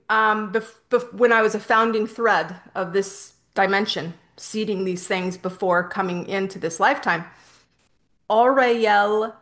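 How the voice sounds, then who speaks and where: Slow-talking woman hosting a spiritual interview. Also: medium pitch, fairly bright tone. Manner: hesitant, with fillers and restarts. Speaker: host interviewing an AI voice. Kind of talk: casual spoken talk to viewers.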